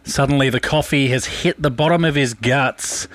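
A man's voice: mid-range voice, normal speed, a bit bright, no room sound. An Australian man hosting breakfast radio, telling a rambling story with fillers in a casual way. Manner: chatty, rambling anecdote with fillers.

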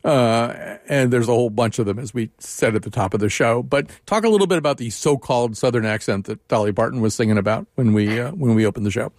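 An older male radio host in his sixties, chatting loosely and circling back with fillers and restarts. His voice sits at an ordinary pitch. The studio sound is dry and close, with no room echo. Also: fast, few pauses, a little mellow. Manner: conversational, with frequent fillers and restarts. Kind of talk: radio interview.

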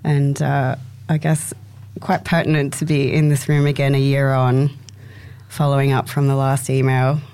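Woman radio guest, low voice, warm tone, wry, musing. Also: little pitch movement, normal speed, clear, resonant tone. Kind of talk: casual radio chat.

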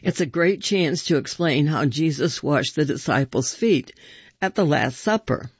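A man voicing a brisk, matter-of-fact female preschool teacher who speaks with insistent brightness. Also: fairly high pitch, lively intonation, husky, dry recording, dull audio.

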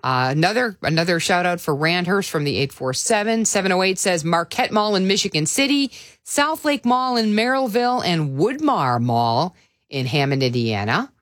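A woman with a Chicago accent hosts a radio show in a studio, chatting casually and reading listener texts into a studio mic. Her lowish voice swings widely in pitch at normal speed, with no room sound.

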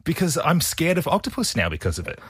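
Husky man rambling on air. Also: a little high, huge pitch swings, quick pace, dry recording, studio quality. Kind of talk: casual banter.

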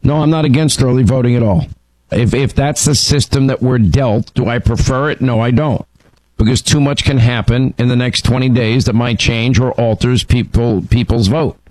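A man's voice: mid-range voice, normal speed, a little mellow, dry recording, low-quality recording. Radio host, man; emphatic, restarts often; dry studio mic. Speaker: radio talk show host. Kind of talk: call-in talk radio. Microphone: studio microphone.

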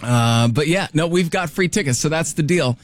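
A man's voice: fairly high pitch, lively intonation, moderate pace, no echo, soft background music. A man hosting a morning radio show in casual chat, joking and explaining contest rules. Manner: jokey, chatty, explaining rules.

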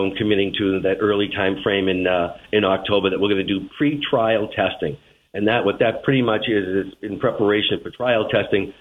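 A man's voice: deep voice, slight background noise. A man with a Boston accent, a transit general manager, answering interview questions with fillers and restarts. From Boston, United States. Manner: measured, with verbal fillers and restarts. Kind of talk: radio interview. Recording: tinny phone line.

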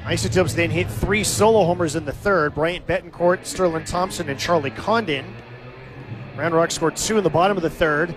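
A man with a voice on the high side calls live baseball play-by-play as the team's announcer, delivering steady recaps packed with stats at a normal pace. Music plays underneath him.

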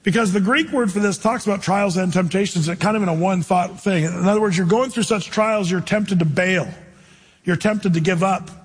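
A male pastor preaching a sermon in a lively, conversational way, with jokey asides. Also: sits high, moderate pace, husky, long reverb tail.

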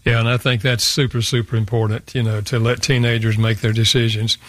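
An older man, a guest author on a radio show, telling a personal story earnestly with halting restarts. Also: mid-range voice, flat delivery, a bit bright, no room sound.

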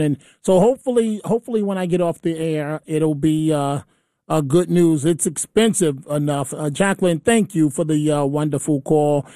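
A man's voice: a little high, normal speed, warm tone, dry recording, clean studio sound. A man hosting a call-in radio talk show, telling a personal story in a chatty, emotional way. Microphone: studio microphone.

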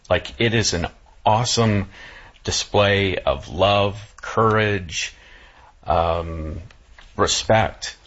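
A man talking casually in a conversation, halting with many restarts, emotional and close to tears. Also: low-pitched, slightly rough, muffled recording. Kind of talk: casual chat.

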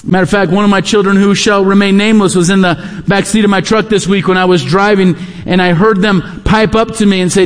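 A man's voice: high-pitched, normal speed, big-room sound. A middle-aged male pastor preaching a sermon, earnest and repetitive, asking the listeners rhetorical questions.

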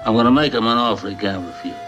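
An actor playing an aging male crime boss who speaks in a hoarse, low murmur, quietly menacing. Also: racing, dull audio, over music, natural voice. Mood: menacing calm.

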